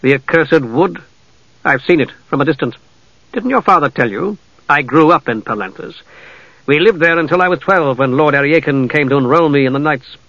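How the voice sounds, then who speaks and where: A man voicing a stern, proud male knight who speaks slowly and gravely, in a storybook reading. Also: fairly high pitch, a bit bright, no room sound, highs cut off. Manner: slow, measured, grave.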